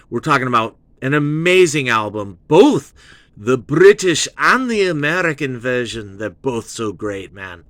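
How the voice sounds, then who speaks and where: A man hosting a rambling album review show, excitable and profane, slipping into British slang. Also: mid-range voice, dry recording. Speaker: host of a music commentary show.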